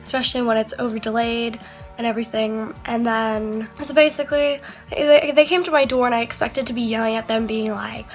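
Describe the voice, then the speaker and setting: A woman's voice: fairly high pitch, steady tone, fairly quick, faint music behind. Chatty young woman telling a story. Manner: chatty, swears, acts out both sides of calls. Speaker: vlogger. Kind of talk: casual storytime vlog.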